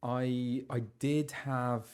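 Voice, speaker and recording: A young British man chatting casually on a live stream and greeting viewers, his voice a little low as he recovers from laryngitis. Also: level tone, extremely slow, a little mellow, smooth, soft background music. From England. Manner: chatty, reads out viewers' messages with laughs and fillers. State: recovering from laryngitis, voice lower than usual.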